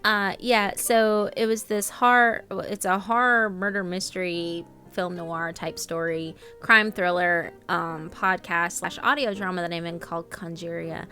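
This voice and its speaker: A woman's voice: on the low side, steady tone, measured pace, hardly any pauses, bright, forceful tone, soft background music. A young woman streamer chatting casually with viewers, reading out their names between lots of ums and laughs. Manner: chatty, reads out viewer names, filler-heavy. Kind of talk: casual live-stream chat.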